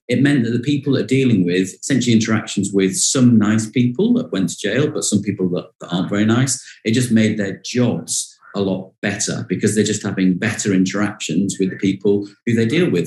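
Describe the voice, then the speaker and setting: A man's voice: on the low side, darkish tone, echoey room, rough recording. A man, a behavioral science consultant, talking through an example in a conversational interview, with many fillers and repeated words.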